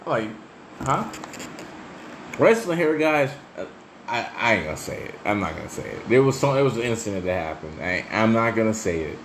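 This is a solo podcast host with a fairly low voice and a brisk pace, recorded with a little hiss or hum. He rambles through casual, profanity-laced stories, laughing often and staying chatty and animated.

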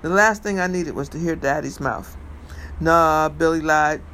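Bright-voiced man reading a story aloud. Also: on the high side, slight background noise, poor audio. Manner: measured first-person storytelling with occasional stumbles. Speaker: reader.

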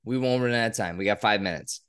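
A man co-hosting a podcast, talking casually and excitedly about a movie, given to swearing and rants. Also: fairly low pitch, clean tone. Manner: animated, profane, quick to rant. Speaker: podcast co-host. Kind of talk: casual movie review chat.

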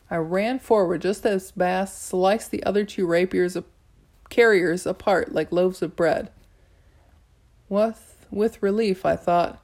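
A woman narrating a novel in the first person, measured, with small restarts. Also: fairly low pitch, darkish tone. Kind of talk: audiobook narration.

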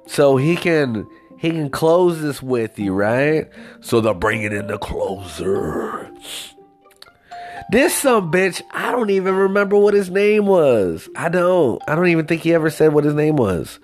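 A man telling a story in a casual, profane, rambling rant with lively swings of pitch. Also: normal speed, faint music behind.

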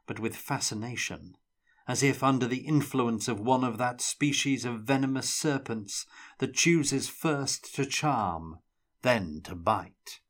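A man reading a fantasy novel aloud in a measured, dramatic storytelling manner. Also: mid-range voice, a bit bright. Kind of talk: audiobook-style fiction reading.

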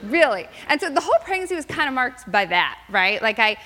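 Bright-voiced woman in a reverberant hall. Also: high-pitched, quick pace. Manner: chatty, many fillers, lively retelling. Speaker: church speaker. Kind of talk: prayer and personal storytelling. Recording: long reverb in a large hall.

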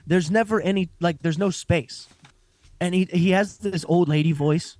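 Animated, profane man, a bit high. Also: brisk, dry recording. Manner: profane, animated, laughs often. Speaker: podcast co-host. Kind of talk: casual chat.

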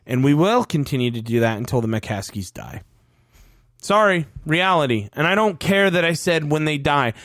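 A man's voice: fairly high pitch, animated, moderate pace, a bit bright, dry recording, studio quality. A man in his thirties ranting on a fan sports podcast, profane and heated. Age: 30s. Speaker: podcast co-host.

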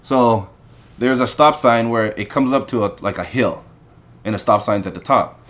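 A man casually telling an animated story in conversation, acting out the people he quotes. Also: medium pitch, moderate pace. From Canada.

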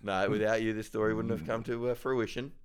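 A man's voice: lowish voice, flat delivery, fairly quick, clean tone. A man co-hosting a podcast, telling a self-deprecating story in casual chat and laughing often. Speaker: podcast co-host.

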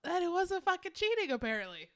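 A woman co-hosting a casual chat, telling an animated story and swearing freely. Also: very high-pitched, fast, crowd noise. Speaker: podcast co-host.

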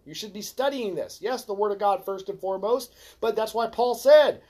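Fervent preachy man, slightly high voice. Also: expressive, moderate pace, few pauses. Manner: fervent, preachy, addresses listeners as folks; swings from low mutters to loud exhortation. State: frustrated. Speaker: podcast host. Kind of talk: ranting religious podcast monologue.

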